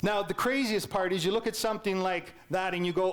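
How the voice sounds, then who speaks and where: Talking a little fast, a man with a Canadian accent and a high, light voice presents a public lecture. His animated, playful narration includes questions aimed at the audience and imitations of his teachers' voices.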